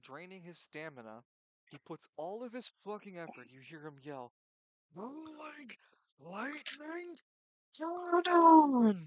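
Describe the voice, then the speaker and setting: A young man narrating a tabletop game as game master, animated, swinging between loud and quiet and stumbling over his words. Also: on the high side, normal speed, no room sound, low-quality recording.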